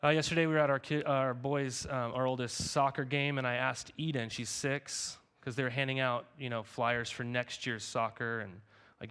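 A man's voice: medium pitch, little pitch movement, moderate pace, a bit bright, clear, resonant tone. A man in his thirties preaching a sermon as pastor, talking in a conversational way and often checking in with the congregation. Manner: conversational, repeats "right?" to the congregation.

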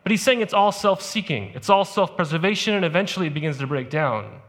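Male pastor with a high voice, talking through a sermon like a chat and tossing in "right?" to the congregation. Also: animated, quick pace, a bit bright. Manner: conversational, peppered with "right?" asides. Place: church service.

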